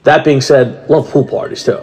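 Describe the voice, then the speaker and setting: A man's voice: mid-range voice, normal speed. A man in his thirties co-hosting a casual podcast chat, telling stories and acting out quotes with rising energy. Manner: animated storyteller, acts out quotes loudly. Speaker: podcast co-host.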